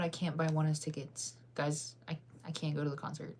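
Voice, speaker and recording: A woman's voice: low-pitched, a little hiss or hum. Giggly, chatty woman streamer. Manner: chatty and giggly, quick to get excited. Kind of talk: casual livestream chat with viewers.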